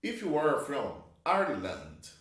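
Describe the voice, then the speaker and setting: A male English teacher walks through grammar examples slowly and patiently, with a lively rise and fall in his voice. The room around him is strongly echoey. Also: medium pitch. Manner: patient, with drawn-out example sentences. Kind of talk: slow, clear classroom explanation.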